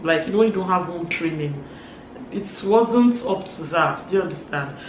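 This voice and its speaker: A woman's voice: fairly low pitch, expressive, moderate pace, slight background noise. A woman with a Nigerian accent, chatting through a casual, gossipy recap of a reality show. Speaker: vlogger. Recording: echoey room.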